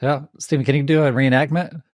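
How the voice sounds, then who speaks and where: A man's voice: mid-range voice, steady tone, fast talker, no room sound, studio quality. Playful man hosting a podcast. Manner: joking, playful. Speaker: podcast host. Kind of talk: casual podcast chat.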